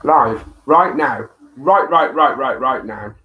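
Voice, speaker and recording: A woman's voice: rumbling low, animated, slow pace, lo-fi sound. A woman hosting a live-stream chat show, affectionate and teasing with her viewers. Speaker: host. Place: home studio.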